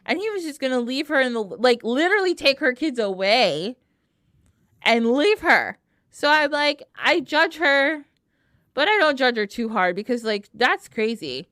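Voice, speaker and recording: A woman retells an old myth casually in a lively, swooping voice, dropping "like" constantly. She sits a little high in pitch for a woman, and the sound is dry and close. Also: unhurried, dry recording. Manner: animated, heavy use of "like". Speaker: podcast guest. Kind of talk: casual storytelling.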